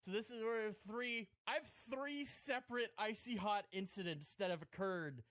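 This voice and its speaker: High-voiced man telling a rambling story. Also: normal speed, a bit bright, dry recording. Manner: rambling, self-mocking, frequent laughing asides. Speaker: podcast host telling a story. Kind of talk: casual comedic storytelling.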